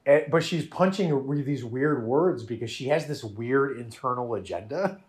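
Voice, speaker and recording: A man in casual podcast chat, talking about a TV show at a middle pitch. He is animated and restless, often restarting sentences and laughing. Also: moderate pace.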